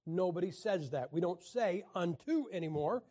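A man teaching a class on the Bible in a wry, joking lecture style, often clearing his throat. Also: high-pitched, expressive, moderate pace, warm tone.

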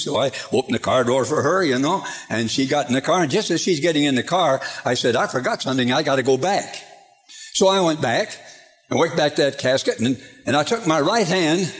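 Older male preacher, folksy storyteller, slightly high voice, archive sermon recording. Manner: folksy storytelling, chuckles through anecdotes.

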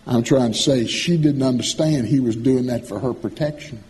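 A man preaching a sermon, folksy and animated, swinging from loud calls to soft asides. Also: medium pitch, normal speed, slight background noise.

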